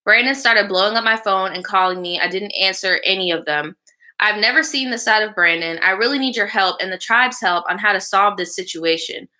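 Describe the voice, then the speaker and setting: This live-show host speaks at a medium pitch, fairly quickly and with a sharp tone. She reads out a viewer's story, then dishes out blunt, slangy advice peppered with swearing while chatting back to viewers between lines.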